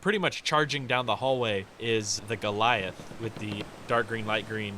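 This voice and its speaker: A man narrating a tabletop game as game master, describing scenes in a relaxed, rambling way. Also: lowish voice, moderate pace. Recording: noisy home recording.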